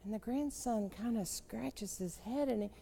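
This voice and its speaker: A woman leadership trainer giving a live seminar talk, with slow, questioning, storytelling delivery and a gravelly voice. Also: a little high, mellow, in a large hall, slight background noise.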